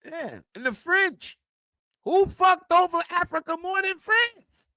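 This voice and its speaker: High-pitched dude ranting on stream, cussing a lot, dry close mic. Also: male voice, slow, dry recording. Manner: profane, animated ranting that swings loud and quiet. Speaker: streamer and football content creator. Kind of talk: casual livestream rant.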